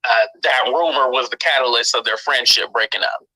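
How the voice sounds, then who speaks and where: A man's voice: mid-range voice, a little fast, bright, forceful tone, no echo, poor audio. A man hosting a livestream, candidly telling his side of a story and talking straight to his viewers in a casual, chatty way. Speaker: livestream host. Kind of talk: casual storytelling to live chat.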